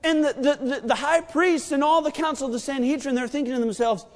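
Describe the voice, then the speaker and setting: A man with a very high voice preaches a sermon, retelling the story with lively storytelling and acting out each character's words. His voice rings out in a hall with a long reverb. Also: brisk.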